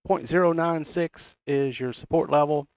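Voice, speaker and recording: Middle-aged Southern man, folksy market commentator, gravelly voice. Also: fairly high pitch, normal speed, a little mellow, dry recording. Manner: folksy, reads price levels aloud. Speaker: crypto chart analyst. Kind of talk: casual chart commentary.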